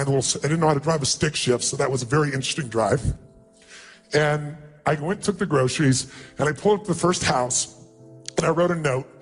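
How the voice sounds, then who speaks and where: A man telling a personal story as a motivational speaker, emotional and emphatic, acting out quotes. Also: on the high side.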